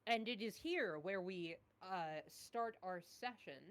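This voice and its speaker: A woman running a tabletop game as dungeon master, speaking slowly with lots of ums and uhs. Her pitch swings widely, lively even when she pauses to find her notes. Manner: unhurried, halting with many fillers.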